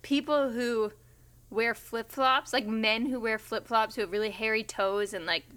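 A woman's voice: on the high side, steady tone, measured pace, a bit bright. A woman co-hosting a podcast, teasing her co-host and telling a wry story in casual chat, swearing offhandedly. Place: lives in Los Angeles.

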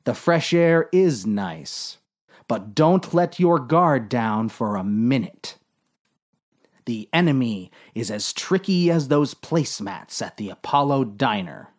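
A man's voice: mid-range voice, expressive, unhurried, close to an everyday voice. A man voicing a solemn middle-aged male submarine captain with a grave, ponderous delivery.

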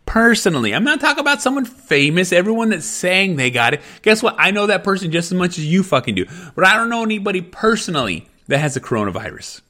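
Heated, profane man with a lively high voice. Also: fast, hardly any pauses. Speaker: parent venting on camera. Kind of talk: angry profane rant.

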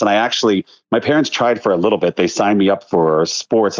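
A man in his thirties from outside Philadelphia, a podcast guest telling animated stories with lots of fillers. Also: lowish voice, fairly quick, few pauses. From outside Philadelphia, Delaware County. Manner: chatty, animated storytelling with many fillers. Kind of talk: casual podcast chat. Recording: slightly dull, lo-fi sound.

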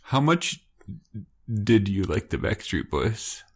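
A man in his thirties co-hosts a podcast, teasing his co-host, giggling, telling stories, and asking animated questions in casual chat. His voice is fairly low-pitched, slow and slightly rough.

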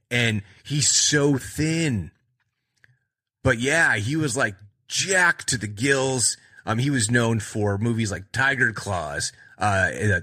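A man retelling film scenes in a casual, rambling way, acting out the lines as he goes. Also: fairly low pitch. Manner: rambling, animated retelling with acted-out quotes. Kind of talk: casual movie chat.

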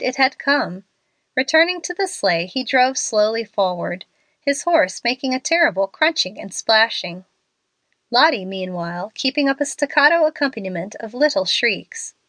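A woman narrating a classic story with a lively, expressive voice. She reads clearly, and her pitch sits a touch high. The sound is dry and close to the mic. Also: no echo. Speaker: audiobook narrator.

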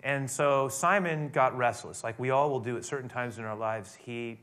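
A man preaching a sermon, retelling a story in a conversational way that swells into emphatic high points. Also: moderate pace, fairly bright tone. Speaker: pastor.

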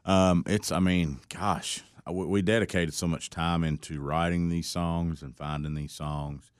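Deep-voiced man telling stories. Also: unhurried, clear, resonant tone, no echo, clean studio sound. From Tennessee. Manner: animated storyteller, acts out voices with laughs. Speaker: country singer guest. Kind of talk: casual interview storytelling.

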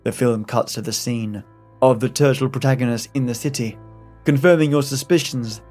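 A man's voice: mid-range voice, darkish tone, faint music behind. Man narrating a horror story. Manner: measured second-person storytelling.

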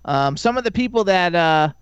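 Chatty male radio host, smooth voice. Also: sits high, expressive, moderate pace, no echo. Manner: chatty, filler-heavy. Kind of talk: casual live radio chat. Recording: dull, dry studio sound.

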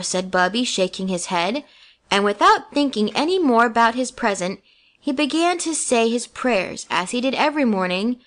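A woman narrating a children's storybook aloud in a gentle, measured reading. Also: fairly high pitch, lively intonation.

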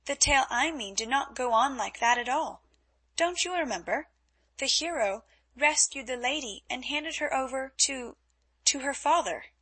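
A woman's voice: high voice, animated, normal speed, a bit bright, husky, pitched above the performer's own voice, exaggerated voice. A woman voicing a cheerful young Dutch heiress who talks in a light, lilting way. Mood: teasing.

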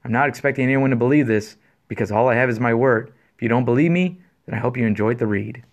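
A man reads a listener's scary story aloud for a podcast, then trades dry, laid-back remarks with his co-host. His voice sits at an ordinary middle pitch. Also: fast talker.

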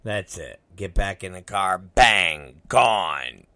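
A middle-aged storyteller with a low, bright, forceful voice and lively intonation rambles slowly through a casual anecdote. He swears freely and acts out what people said, and there's no room sound at all.

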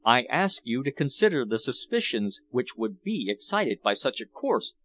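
Man doing a stiff earnest english gent, careful and measured. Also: mid-range voice, big pitch swings, fairly bright tone. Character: Englishman impostor, restrained and grave.

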